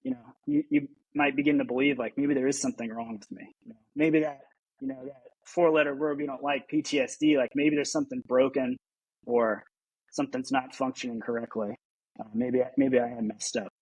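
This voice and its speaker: A man's voice: mid-range voice, fairly quick, a little mellow, slightly rough, low-quality recording. A man, a military veteran, talking earnestly in an interview and explaining things at length, often repeating himself. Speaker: podcast guest, military veteran. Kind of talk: conversational interview answer.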